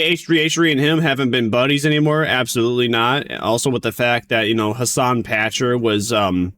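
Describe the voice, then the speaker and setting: A man's voice: medium pitch, fairly bright tone, no echo, clean studio sound. A man streaming a reaction to a video, talking casually in a mocking, rambling way full of restarts.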